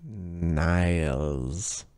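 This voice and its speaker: A man's voice: deep voice, drawn-out words, darkish tone, dry recording. A man co-hosting a podcast in casual chat, teasing and cutting in with playful remarks. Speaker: podcast co-host.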